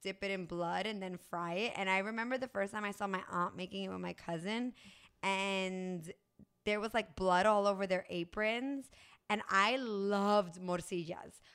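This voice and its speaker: A woman's voice: medium pitch, normal speed, fairly bright tone, clear, resonant tone. A woman co-hosting a podcast, chatting casually with many restarts and easy laughter. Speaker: podcast co-host. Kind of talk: casual chat.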